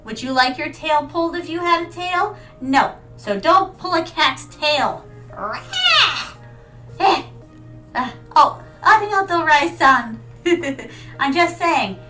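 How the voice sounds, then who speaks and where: A woman's voice: sits high, animated, measured pace, fairly bright tone, recorded from a distance, low-quality recording. A woman streaming a video game, chatting playfully with her viewers, with giggles and dramatic yelps. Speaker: VTuber streamer. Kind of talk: casual gaming stream chat. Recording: mic set back, faint music behind.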